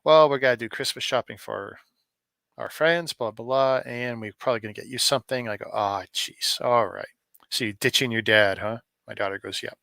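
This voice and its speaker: A man's voice: medium pitch, fairly quick, creaky, pushed and bright, no echo. A middle-aged man from Canada chatting to viewers by name on a live stream, rambling and joking between stories. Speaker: live streamer opening advent calendars. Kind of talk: casual live-stream chat.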